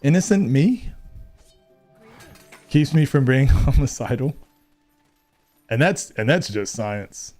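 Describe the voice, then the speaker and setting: Man, gaming streamer, casual playful chat, teasing, laughs often, medium pitch, soft music behind. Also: big pitch swings, slow, pauses often.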